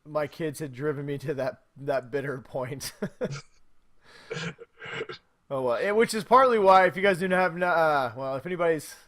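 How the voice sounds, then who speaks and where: A man in his thirties co-hosts a laid-back podcast, his voice sitting notably high. He tells stories with plenty of animation and breaks into laughter often. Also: moderate pace, long pauses, a bit bright. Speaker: podcast co-host. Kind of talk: casual chat.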